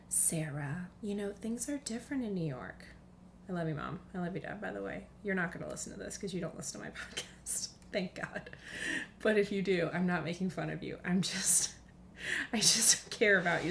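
A woman's voice: mid-range voice, moderate pace, slight background noise. A young woman hosting a casual podcast monologue from home, chatty, dropping into whispers for asides. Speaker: podcast host.

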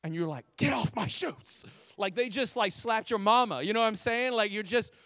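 A man in his thirties preaching with a high, bright-pitched voice. He talks to the congregation like friends, full of restarts and quick asides. The sound is dry and close to the mic. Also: smooth, dry recording. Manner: energetic, conversational, frequent restarts and "like". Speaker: pastor. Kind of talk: sermon.

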